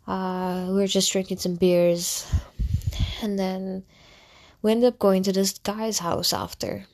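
A woman's voice: mid-range voice, little pitch movement, slow, a little mellow. A young woman, a content creator, telling a candid personal story in a casual, rambling way, full of fillers and restarts. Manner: candid and reflective.

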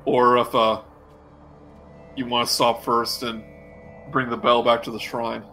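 A man runs a tabletop game as its game master, narrating at an unhurried pace. His voice is bright and mid-pitched, broken by frequent ums. Faint noise sits behind him. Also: monotone, faint music behind, rough recording. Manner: halting, many ums.

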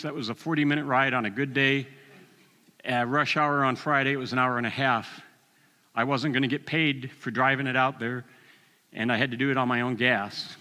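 Bright-voiced older man preaching in a hall. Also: medium pitch. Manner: animated storytelling, acts out voices with chuckles. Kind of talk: sermon with personal story.

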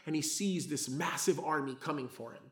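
A middle-aged man preaching a sermon as a pastor, talking in a casual, conversational way and swinging between loud, emphatic passages and hushed asides. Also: on the high side, moderate pace. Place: church hall. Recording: roomy church echo.

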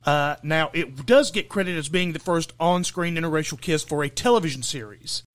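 A man co-hosting a podcast, talking casually and joking through a list of topics. His voice sits a little high and sounds dry and close, with no room around it. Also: fairly quick, no echo. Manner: joking, laughs often, lists topics. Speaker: podcast co-host. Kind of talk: casual chat.

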